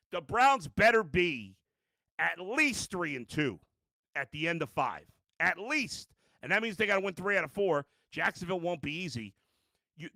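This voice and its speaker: Middle-aged guy ranting on a live sports show, gravelly and kinda bright, swears a lot, cuts himself off and starts over. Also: a little high, no echo. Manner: blunt, heated, ranting with profanity; self-mocking asides, frequent restarts. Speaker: sports talk show host. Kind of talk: live post-game sports rant.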